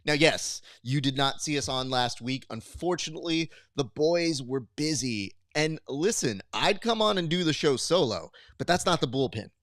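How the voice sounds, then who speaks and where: On the high side and at normal speed with hardly any pauses, a man hosts a podcast in clean, echo-free studio sound. He tells stories in a casual chat, animatedly voicing the people involved and acting out what they said.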